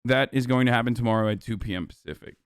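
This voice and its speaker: A young man streaming, chatting with his audience in a profane, mocking way and breaking into loud laughs. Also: mid-range voice, very fast, smooth, no room sound, clean studio sound. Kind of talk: casual livestream chat.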